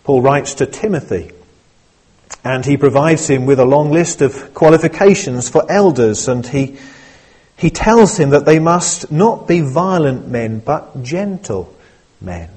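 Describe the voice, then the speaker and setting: Slow, husky-voiced male preacher. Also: a little high, animated, a little mellow. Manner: measured, earnest preaching with small restarts. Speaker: pastor. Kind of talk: sermon.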